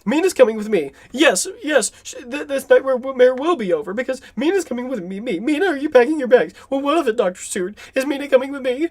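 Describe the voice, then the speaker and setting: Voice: sits high, animated, fast, few pauses, voice pushed up. A commentator voicing a whiny, frantic young male fiancé who stammers. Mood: whining.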